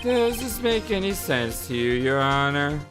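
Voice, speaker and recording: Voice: medium pitch, sing-song, unhurried. A player reading lines for a cool, formal male prosecutor in a courtroom video game, over game music. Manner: formal and curt.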